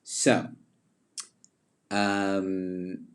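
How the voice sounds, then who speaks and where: A man with a deep voice hosts a casual livestream, chatting loosely with viewers. He rambles, trails off and restarts, filling gaps with lots of ums. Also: monotone, very slow. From Zimbabwe. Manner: rambling, many fillers and restarts. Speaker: livestream host. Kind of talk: casual livestream chat reading viewer comments.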